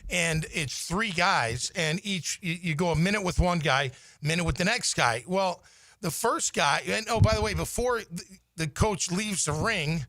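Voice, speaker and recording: A man's voice: high voice, unhurried, no room sound. A man telling a long, self-mocking story in casual chat on a sports radio show, in a radio studio. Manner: lively, self-mocking storyteller who acts out quotes. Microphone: studio microphone.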